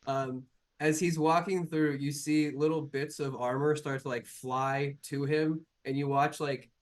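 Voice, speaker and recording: A man's voice: on the high side, steady tone, measured pace. A man narrating as game master of a tabletop game, in loose, rambling description full of fillers.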